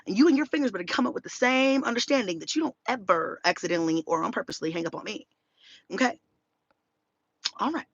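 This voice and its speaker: A woman in her thirties telling a story in a casual vlog rant, blunt and animated, swearing freely. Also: mid-range voice, dry recording, dull audio. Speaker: vlogger.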